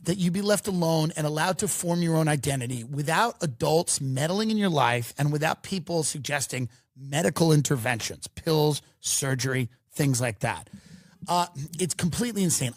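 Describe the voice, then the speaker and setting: Animated high-pitched man ranting. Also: dry recording, studio quality. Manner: animated, mocking, swears freely. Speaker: podcast host. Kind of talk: comedic rant.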